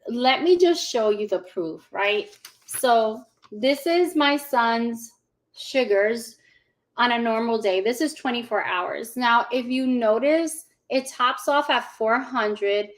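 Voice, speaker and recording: A woman in her forties, a guest in a casual interview, telling her story in an animated way, laughing often and acting out what people said. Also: fairly high pitch, takes it slowly. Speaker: guest giving a testimonial.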